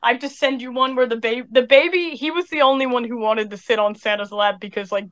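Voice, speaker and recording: High-voiced woman telling a rambling story. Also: fairly quick, fairly bright tone. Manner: rambling storyteller, laughs often. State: sick. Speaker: podcast co-host. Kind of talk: casual chat.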